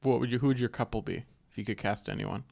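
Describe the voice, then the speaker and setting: A man's voice: mid-range voice, fairly even intonation, fast, gravelly, a little mellow. A man on a comedy podcast, playfully tossing out questions and quips in casual chat.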